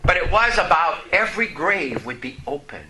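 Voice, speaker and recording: A man's voice: a little high, very animated, moderate pace, background noise. A man preaching a sermon, telling personal stories and drawing responses from the congregation. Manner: storytelling preacher with audience call-and-response. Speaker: pastor.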